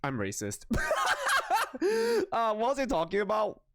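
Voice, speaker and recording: A man's voice: sits high, wildly swooping pitch, a little fast, creaky, fairly bright tone, a little hiss or hum. A tired young man streaming live, chatting with his viewers in a rambling, self-mocking way, swearing freely and giggling. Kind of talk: casual chat with viewers.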